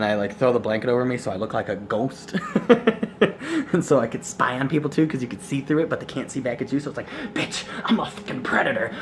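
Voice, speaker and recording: A man's voice: mid-range voice, background noise. Rambling young vlogger man. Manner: rambling, crude jokes, laughs at his own stories. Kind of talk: casual storytelling vlog.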